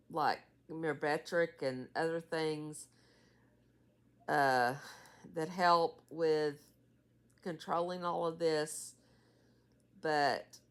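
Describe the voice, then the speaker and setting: A woman's voice: deep voice, fairly bright tone. A woman in her sixties giving a rambling, tired casual vlog update as her mother's caregiver. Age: 60s. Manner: rambling, many fillers and trailing asides. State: tired, yawning.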